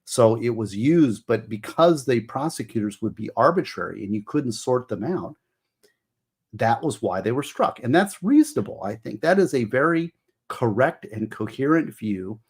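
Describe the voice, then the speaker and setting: Husky man chatting on a livestream. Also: medium pitch, expressive, normal speed, darkish tone. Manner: rambling, emotional, explains law. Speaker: livestream host. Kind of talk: casual livestream talk.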